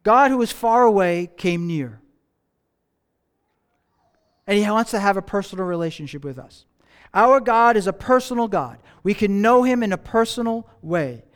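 High, smooth-voiced male preacher. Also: lively intonation, moderate pace, pauses often. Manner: conversational preaching with rhetorical questions and repetition. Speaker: pastor. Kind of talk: sermon.

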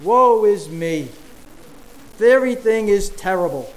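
A preacher voicing a self-pitying, despairing prophet. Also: male voice, sits high, lively intonation, measured pace, low-quality recording.

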